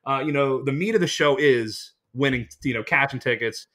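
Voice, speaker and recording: A young man from Pittsburgh co-hosting a casual sports-betting podcast, talking in an excitable, hyped-up way. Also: medium pitch, moderate pace. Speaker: podcast co-host.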